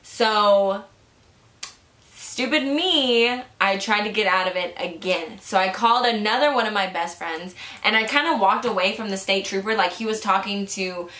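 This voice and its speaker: A young woman telling a story in casual, animated chat, full of "like" fillers. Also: mid-range voice, moderate pace. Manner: chatty, animated, frequent "like" fillers. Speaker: vlogger. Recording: echoey room.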